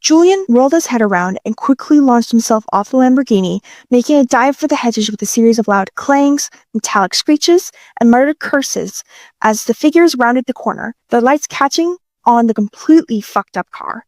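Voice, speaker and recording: A woman's voice: on the high side, animated, normal speed, darkish tone, no echo. A woman reading a fanfiction audiobook in a casual, playful way, swearing freely. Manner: casual, profane, playful delivery. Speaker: audiobook narrator.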